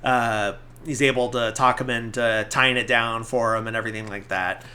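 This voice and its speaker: A man with a bright, forward voice retells a film in a loose, chatty podcast style. He talks at a middle pitch and piles on fillers and restarts as he walks through the scenes. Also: steady tone, moderate pace. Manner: rambling, filler-heavy retelling with acted-out quotes. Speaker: podcast host. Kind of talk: casual movie recap chat.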